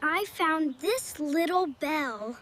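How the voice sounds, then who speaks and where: A synthetic voice playing a lonely young boy in a slow, simple storybook for learners, speaking short sentences very clearly. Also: high voice, lively intonation, slight background noise, exaggerated voice. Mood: gentle. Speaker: main character. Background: soft music.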